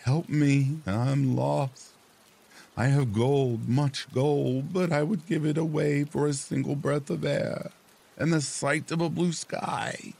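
A man's voice: fairly even intonation, takes it slowly, vocal fry, a little mellow, slightly rough, full character voice. A man voicing a greedy, nagging old fishwife in a storybook tale, speaking in a raised, insistent voice. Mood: pleading. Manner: shrill and insistent.

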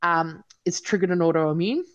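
A woman's voice: lowish voice, normal speed, highs cut off. A woman guest talking frankly and casually in an interview, blunt and occasionally swearing. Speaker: podcast guest. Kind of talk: candid casual conversation.

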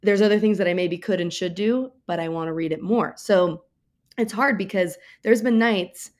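A woman's voice: medium pitch, moderate pace, darkish tone. A woman in her thirties co-hosting a podcast, chatting in a giggly, rambling way. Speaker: podcast co-host. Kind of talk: casual chat.

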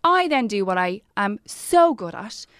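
An Irish woman from Ireland telling an animated anecdote in casual chat, quoting people as she goes. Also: mid-range voice, a little slow, dry recording, clean studio sound. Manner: breathless, animated storytelling with quoted voices.

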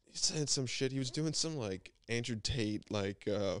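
A man's voice: mid-range voice, a little slow, smooth, dry recording, clean studio sound. A young man telling a story in a loose, laid-back way on a podcast, with lots of "like" and "you know". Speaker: podcast guest. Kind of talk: casual chat.

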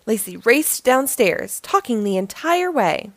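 A woman hosting a storytime, reading a children's book aloud in a lively, expressive way. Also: a little high, a little slow, few pauses, no room sound. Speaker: storytime host.

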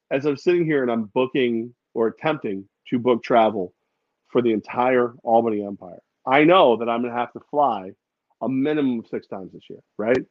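A man co-hosting a podcast, telling funny stories in a casual, animated way and sometimes putting on voices. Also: mid-range voice, dry recording, dull audio. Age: adult with a daughter. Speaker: podcast co-host. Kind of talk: casual chat.

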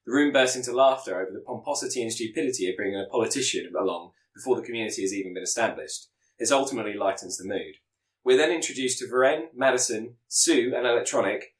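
A man reading out a scripted plot pitch as a podcast co-host, sometimes stumbling and correcting himself. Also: roomy sound, low-quality recording. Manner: reads with stumbles and self-corrections.

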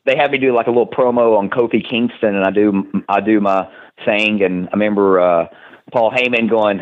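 A man's voice: lowish voice, a little fast. A man with a Southern US accent, telling rambling stories as a guest in a casual interview, laughing often. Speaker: wrestler guest. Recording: tinny phone-like line.

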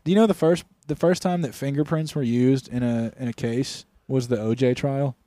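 A man's voice: medium pitch, moderate pace, warm tone, no echo, clean studio sound. A young man co-hosting a comedy podcast, chatting casually and joking around. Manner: joking, acts out mock voices. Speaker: podcast co-host.

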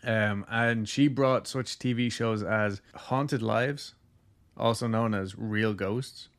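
Low-voiced man telling a ghost story. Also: slow. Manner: loose, jokey, heavy use of "like". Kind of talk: casual storytelling chat.

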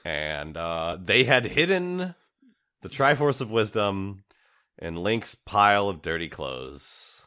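Male podcast co-host, lowish voice, wry rambling recap chat. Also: big pitch swings, slow pace, pushed and bright, clear, resonant tone. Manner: rambling, self-interrupting, wry.

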